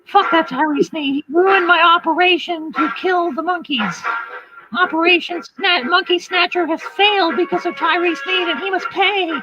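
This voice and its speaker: A woman's voice: extremely high pitch, steady tone, normal speed, pitched above the performer's own voice. A woman putting on the voice of a ditzy, stammering woman she mocks, stumbling over repeated filler words. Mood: whiny babbling. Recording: dull lo-fi audio with music.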